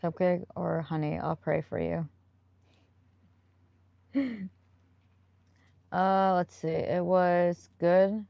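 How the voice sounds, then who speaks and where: Low, gravelly-voiced woman streamer. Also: steady tone, very slow, pauses often, no echo, dull audio. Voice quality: chatty and rambling, laughs often. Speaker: live streamer. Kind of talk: casual live-stream chat, answering viewer comments.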